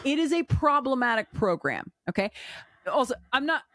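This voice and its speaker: A woman in her forties co-hosting a podcast, telling stories in a candid, animated way with quoted dialogue. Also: high voice, normal speed, dry recording, studio quality. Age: 40s. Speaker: podcast co-host. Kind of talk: casual chat.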